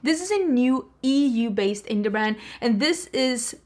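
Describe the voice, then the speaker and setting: A woman hosting a beauty channel, talking casually to camera in a chatty, animated way with jokey rants. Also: a little high, a little slow.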